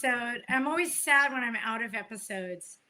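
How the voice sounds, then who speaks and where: A woman guest chatting in a relaxed, rambling way on a live stream. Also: fairly high pitch, a little fast. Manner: relaxed, rambling, self-deprecating. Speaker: musician guest. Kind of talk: casual live-streamed conversation.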